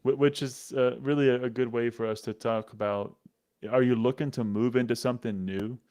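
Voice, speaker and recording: A man's voice: mid-range voice, steady tone, a little fast, a little mellow. A man hosting a podcast interview, asking questions in an easygoing, jokey way. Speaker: podcast host.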